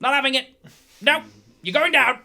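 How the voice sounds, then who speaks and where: GM doing a skinny braggart dwarf: high, bright, blustering war cries. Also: male voice, sing-song, very slow, exaggerated voice. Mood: boastful. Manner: loud blustering battle cries. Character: scrawny boastful male dwarf wrestler.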